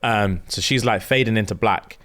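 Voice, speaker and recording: A man's voice: lowish voice, normal speed, fairly bright tone. A man, a podcast co-host retelling a plot, acting out the characters' lines and swearing a lot. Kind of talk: animated story retelling.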